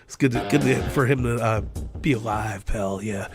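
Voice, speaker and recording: A man's voice: on the low side, moderate pace, music in the background. A man co-hosting a casual wrestling podcast, laid-back and swearing freely. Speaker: podcast co-host.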